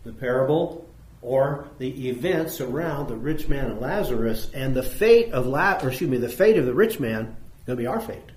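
A man's voice: mid-range voice, lively intonation, normal speed, a little mellow. A man teaching a conversational Bible lesson to an audience, asking questions and repeating points for emphasis. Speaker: preacher teaching a Bible class. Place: church room with audience. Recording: echoey room.

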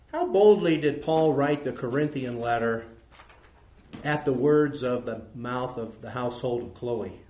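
A man's voice: mid-range voice, a little mellow, echoey room. A man teaching a Bible study class, reading verses aloud and asking his listeners questions.

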